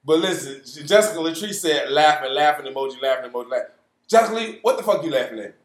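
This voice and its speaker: A man with a fairly high voice co-hosts a podcast, talking profanely and emphatically and laughing easily. The room is roomy and echoey around him. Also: lively intonation, fast talker. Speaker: podcast co-host. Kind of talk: casual podcast banter. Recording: roomy echo.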